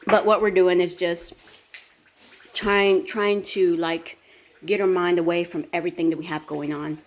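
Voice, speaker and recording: A woman's voice: lowish voice, steady tone, normal speed, a little hiss or hum. A woman hosting a casual morning vlog, tired and chatty, rambling along with fillers and sometimes talking with her mouth full. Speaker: vlog host and fitness coach.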